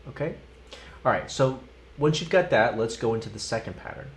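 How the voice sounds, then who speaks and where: A man's voice: mid-range voice, big pitch swings, fairly quick, gravelly. A man teaching a live-streamed drum lesson, chanting counts and stickings in a sing-song way between explanations. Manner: sings counts and sticking aloud while demonstrating. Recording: loud instrument and metronome behind.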